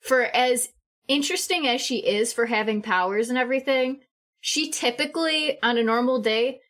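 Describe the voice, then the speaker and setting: A woman with a fairly high voice describes her hero's actions in a tabletop game. She laughs often and hedges with many fillers. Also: moderate pace, a bit bright. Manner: giggly, hesitant, many fillers. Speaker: player. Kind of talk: tabletop role-play chat.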